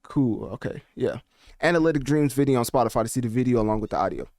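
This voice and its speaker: A man hosting a podcast, chatting casually with animated, slangy commentary while looking things up on his screen. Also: mid-range voice, fast talker, no echo, studio quality. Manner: animated, conversational, slangy asides. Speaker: podcast host. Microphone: podcast mic, also on video.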